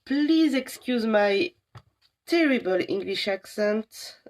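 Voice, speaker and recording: A young adult woman from a library staff giving a casual live demo of apps, chatty and enthusiastic with many pauses. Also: a little high, lively intonation, a little mellow.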